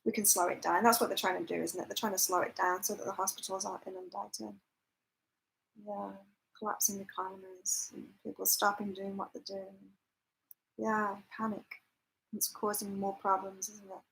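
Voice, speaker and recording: A woman's voice: mid-range voice, fairly even intonation, normal speed, gravelly, fairly bright tone, slight background noise, rough recording. A woman hosting a live psychic chat, talking casually with viewers, laughing often and reading out their comments. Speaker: psychic livestream host. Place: temporary lodging, staying away from home.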